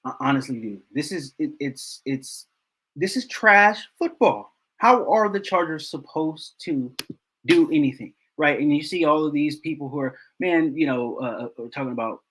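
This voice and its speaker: Exasperated man with a husky voice. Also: fairly high pitch, moderate pace, rough recording. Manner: exasperated, repeats himself for emphasis. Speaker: host of a football film breakdown channel. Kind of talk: casual film breakdown commentary.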